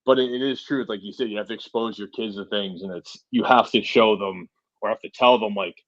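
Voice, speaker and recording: This podcast guest, a Massachusetts truck driver in his forties, has a lowish voice, fairly even intonation and a brisk pace. He rambles casually through his stories with frequent "you know" and "right?". The sound is lo-fi, without echo.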